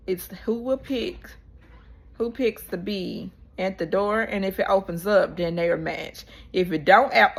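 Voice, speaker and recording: A woman vlogger recapping a reality show episode in casual, animated storytelling, acting out what people said. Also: medium pitch, vocal fry. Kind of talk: casual chat.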